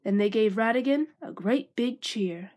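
A woman reading a children's storybook aloud. Her voice sits slightly high, and her delivery is expressive and clear. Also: unhurried. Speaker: narrator.

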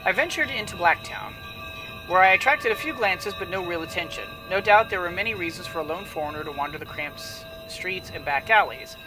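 A high-pitched man casually reads game text aloud and comments between passages. He sits some distance from the mic. Game music plays clearly behind him. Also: lively intonation, a little fast. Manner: casual, reads narration with frequent restarts. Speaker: let's play host.

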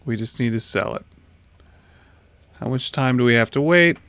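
A man's voice: medium pitch, moderate pace, a bit bright, dry recording. A man in his thirties livestreaming a space game from home, chatting casually with his viewers as he plays into a desk mic. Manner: chatty, talks to chat while playing. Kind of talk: casual gameplay livestream chat.

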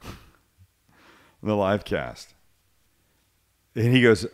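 A man's voice: fairly low pitch, very animated, drawn-out words, long pauses. A man hosting a cooking show's live cast, rambling through a story with restarts and acting out both sides of a phone call. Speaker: cooking show host. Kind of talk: casual live-cast chat.

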